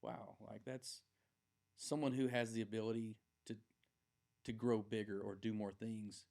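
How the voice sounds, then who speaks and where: A low-pitched man in his forties chats as a podcast guest, his voice carrying a gravelly, fry-tinged texture. He tells his story loosely and animatedly, full of "um"s and asides. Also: a little slow. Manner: rambling, animated anecdote-telling with many fillers. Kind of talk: casual storytelling.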